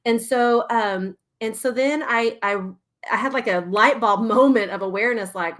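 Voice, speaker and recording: A woman's voice: mid-range voice, normal speed. Chatty woman parenting host. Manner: chatty, animated, laughs often, talks to viewers directly. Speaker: registered play therapist and parenting host. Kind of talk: casual talk to a live audience.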